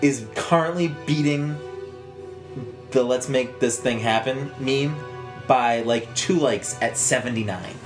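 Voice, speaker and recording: A man's voice: medium pitch, unhurried, over music. A man co-hosting a casual podcast, joking, laughing often and swearing. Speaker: podcast co-host.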